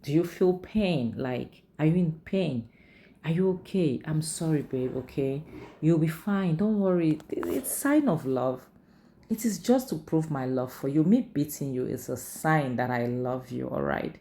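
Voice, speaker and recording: Woman recapping, voicing abusive young husband, coaxing and soothing, warm low voice. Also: lively intonation, unhurried, a little hiss or hum. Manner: coaxing, soothing, repetitive reassurance.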